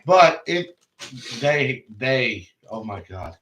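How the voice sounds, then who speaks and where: A game master chats loosely after a tabletop game, telling animated stories and swearing freely. His medium-pitched voice is very slow, picked up by a distant mic in a roomy space with heavy background noise.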